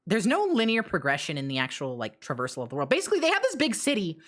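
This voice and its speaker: A woman streamer chats casually at a desk mic, answering her live chat. Her voice sits low yet swoops widely, and she rambles bluntly through fillers and restarts. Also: huge pitch swings, fast talker, fairly bright tone.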